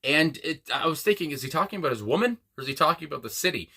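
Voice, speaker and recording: A man's voice: fairly high pitch, animated, rapid-fire, pushed and bright, husky. A man hosting a music reaction video, rambling casually with lots of fillers and restarts.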